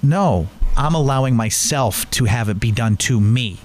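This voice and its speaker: A male talk-show host with a lively, swooping voice that rises and falls as he talks. He chats earnestly, telling personal stories to draw out his guest. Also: mid-range voice, measured pace. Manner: chatty storyteller, earnest. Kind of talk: conversational interview.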